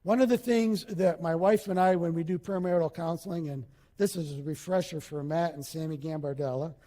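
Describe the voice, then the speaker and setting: A male pastor preaching a sermon, animated, acting out little scenes and quotes as he goes. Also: a little high, a little fast, big-room sound.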